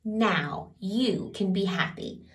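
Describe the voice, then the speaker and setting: A woman voicing a cheerful, giggly young woman with a bright, lilting, gently teasing manner. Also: mid-range voice, slow pace, echoey room, recorded from a distance, natural voice. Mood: cheery.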